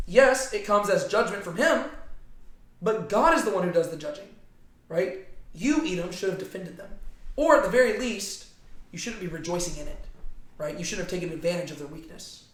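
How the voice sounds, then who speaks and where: A man's voice: high voice, expressive, moderate pace, fairly bright tone. A man teaching a casual Bible study to a small group, talking conversationally and often checking in with "right?". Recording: echoey room.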